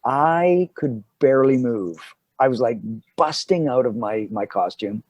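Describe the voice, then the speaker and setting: A man's voice: mid-range voice, a little slow, dry recording, lo-fi sound. A middle-aged actor telling a funny anecdote in casual conversation, acting out the voices of the people in his story. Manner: animated storyteller acting out dialogue. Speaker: actor guest.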